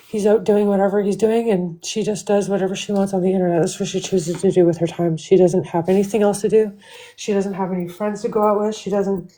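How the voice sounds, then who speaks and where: A woman vents on a live stream in a heated, profane monologue, leaning on "like" between nearly every phrase. Her voice is very warm and mellow, with no brightness to it, and sits at an ordinary pitch for a woman. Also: low-quality recording. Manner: heated, profane, with constant "like" fillers. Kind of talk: angry ranting livestream monologue.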